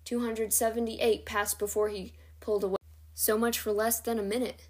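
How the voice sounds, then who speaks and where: A woman reading a novel chapter aloud in a steady, even narration. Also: on the high side, normal speed. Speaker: reader.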